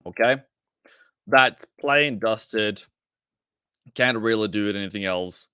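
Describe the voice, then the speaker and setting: A man's voice: fairly low pitch, takes it slowly, pushed and bright, smooth, dry recording, studio quality. A man hosting a casual live trading stream, chatting directly with viewers and calling them mate and brother. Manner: chatty, addresses viewers directly, many restarts.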